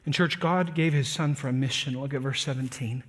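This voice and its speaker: A man preaching a sermon to his church, earnest, slowing down and lifting his voice to stress key points, then dropping soft and quiet. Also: medium pitch. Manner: earnest preaching, slows and lifts voice for emphasis; drops to soft, quiet delivery on tender points. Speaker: pastor.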